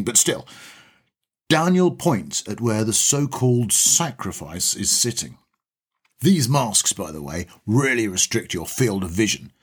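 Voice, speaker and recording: A man's voice: lowish voice, husky. A man reading a comic short story aloud in a wry, chatty first-person voice.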